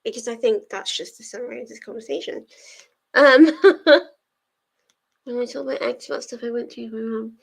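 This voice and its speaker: A young woman hosts a live stream of reading sprints, chatting casually with her viewers, laughing a lot and sometimes tearing up. Her voice is fairly high and steady, with vocal fry, a moderate pace and long pauses. The recording quality is low.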